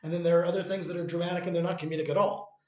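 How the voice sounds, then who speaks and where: A man's voice: high voice, level tone, racing. A man talking about his own stage play in a casual, rambling way, restarting sentences often. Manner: rambling, many restarts and fillers. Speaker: playwright and author presenting his own work. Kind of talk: casual spoken commentary. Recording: echoey room.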